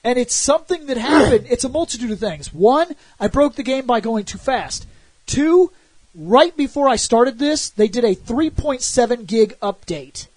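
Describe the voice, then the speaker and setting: This co-host of a laid-back gaming podcast has an extremely high male voice, a moderate pace, and a recording free of echo. He tells animated stories, performs the quotes, and swears without restraint.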